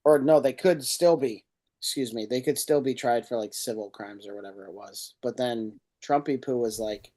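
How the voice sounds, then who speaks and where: A man's voice: mid-range voice, moderate pace, mellow. Rambling man on a podcast. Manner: rambling, loses words, laughs at himself. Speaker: podcast co-host. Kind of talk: casual chat.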